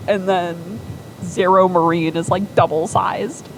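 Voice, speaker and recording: A woman rambling through a story at a slow, unhurried pace, her sentences full of fillers. Her voice sits a bit low. A steady hum of background noise runs under her talk. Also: rough recording.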